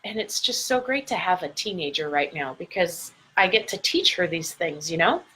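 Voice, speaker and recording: A woman's voice: lowish voice, big pitch swings, normal speed, bright, forceful tone, a little hiss or hum, low-quality recording. A middle-aged woman coaching her viewers in a motivational talk, stretching out key words for emphasis and recording herself for a live video. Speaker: life coach. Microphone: phone or camera mic, recording a live video.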